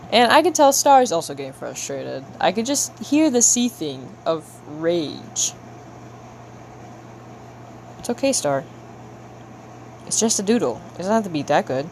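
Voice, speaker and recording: This young woman is drawing for her livestream chat, talking to viewers in a relaxed, slangy, teasing way and hamming up her frustration. She speaks at a normal speed in a mid-range voice that swings widely in pitch, over a slight hiss or hum.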